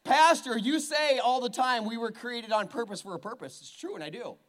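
A man's voice: very high-pitched, moderate pace, a bit bright. A male pastor delivering a sermon, joking playfully with his congregation in a church. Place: church hall with a live congregation.

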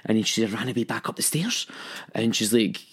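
A man's voice: on the low side, moderate pace, breathy edge. A young man telling his own story candidly and with emotion. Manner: candid, emotional, acts out quoted voices. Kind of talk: personal storytelling.

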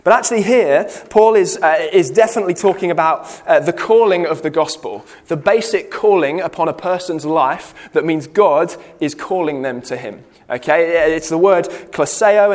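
A man leading a Bible study in a church hall, explaining a passage with frequent "okay"s and restarts. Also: a little high. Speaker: Bible teacher.

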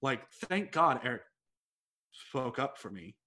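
A man's voice: medium pitch, sing-song, slow, sharp tone. Young guy on a podcast, rambly, says like a lot, swears, ordinary mid voice. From United States. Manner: rambling, storytelling, swears freely, fillers like "like". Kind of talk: casual chat.

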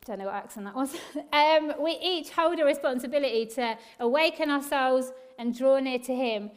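A woman worship leader giving an eager, encouraging church talk to a congregation, quick and laughing often. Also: high voice.

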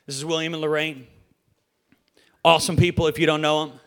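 A man's voice: a little high, flat delivery, a little fast, a bit bright, slight background noise. A man preaching a casual, joking sermon from a church stage, chatty and playful, with stammered restarts and questions to the congregation.

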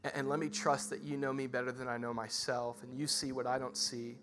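Bright-voiced male pastor preaching. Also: mid-range voice, a little fast. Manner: conversational preaching, rising to loud excited bursts. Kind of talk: sermon. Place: church.

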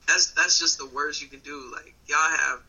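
A woman from Wisconsin, a comedian in her thirties, telling a story in casual chat on a phone call, animated and laughing often. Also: sits low, moderate pace, breathy edge. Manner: animated, laughing often, swings between loud and quiet. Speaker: comedian guest.

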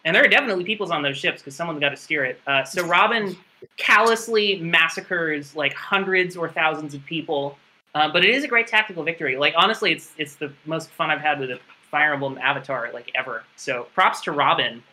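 Man, casual podcast recapper, bright forward tone, rambling and wry. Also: a little high, a little fast, low-quality recording. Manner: rambling, sarcastic, profane recap with many fillers. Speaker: podcast co-host recapping a game story. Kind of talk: casual chat.

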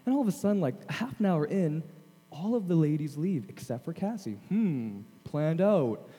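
A man in his thirties, a guest chapel speaker, telling self-deprecating stories in a lively, animated way. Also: a little high, fairly quick, husky, faint music behind. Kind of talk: storytelling chapel sermon. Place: large chapel hall. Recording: long hall reverb.

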